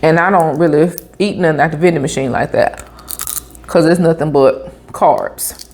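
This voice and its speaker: A woman vlogger, telling a story in a chatty, animated way with asides like "honey" and "baby" while she eats. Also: low-pitched, moderate pace, slight background noise. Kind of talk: casual storytelling while eating.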